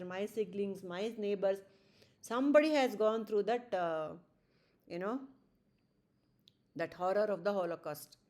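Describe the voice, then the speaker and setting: A woman's voice: medium pitch, darkish tone. A woman teaching a spiritual lesson to a study circle, speaking conversationally with fillers and tag questions.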